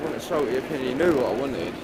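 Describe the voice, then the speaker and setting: Male street livestreamer, mocking banter, bouncy pitch, city traffic noise behind. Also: expressive, rapid-fire. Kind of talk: confrontational street interviewing. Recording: loud traffic noise outdoors.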